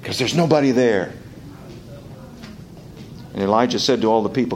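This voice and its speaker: A man delivers an expository sermon at an average pitch, swinging between hushed asides and loud, mocking bursts. A faint low rumble sits under his voice. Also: moderate pace, poor audio. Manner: swings from quiet to loud, mocking quoted taunts. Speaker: preacher.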